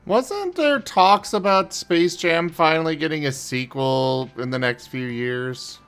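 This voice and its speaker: A man chatting casually on a live stream, speaking in a hesitant, halting way. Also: on the high side, animated, a bit bright, smooth, soft background music. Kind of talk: casual chat.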